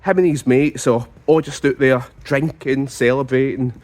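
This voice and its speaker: A man with a Scottish accent telling a comic story as a monologue, animated and stumbling over repeated words in mock outrage. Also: medium pitch, normal speed.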